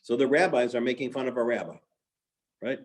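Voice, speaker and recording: A man's voice: medium pitch, fairly even intonation, a little fast, slight background noise. A man teaching a lesson on Talmud stories in a conversational way, with filler words and restarts.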